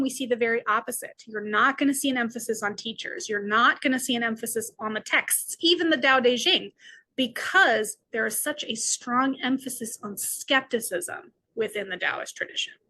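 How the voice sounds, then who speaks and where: A woman's voice: fairly high pitch, normal speed, bright, forceful tone. A woman teaching a philosophy lecture, explaining step by step and tagging her points with frequent questions to the class. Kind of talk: recorded lecture.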